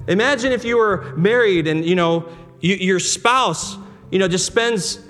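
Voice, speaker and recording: A pastor preaching a sermon in a casual, conversational way, full of restarts and rhetorical questions. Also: male voice, high-pitched, expressive, moderate pace. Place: church sanctuary. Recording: long hall reverb with soft guitar behind. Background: soft guitar music.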